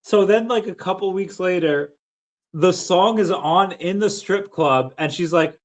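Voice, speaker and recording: On his podcast, a thirty-something man tells a long, rambling story in casual conversation, constantly using fillers and starting over. His voice is high-pitched and unhurried, and the audio quality is poor.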